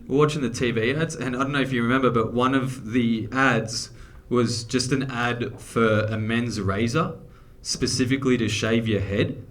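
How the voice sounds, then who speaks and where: A man's voice: medium pitch, steady tone, moderate pace, hardly any pauses, a bit bright, slight background noise. Australian man doing crude stand-up. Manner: crude, self-mocking punchlines. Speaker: stand-up comedian. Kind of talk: stand-up comedy set. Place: comedy theatre stage with live audience.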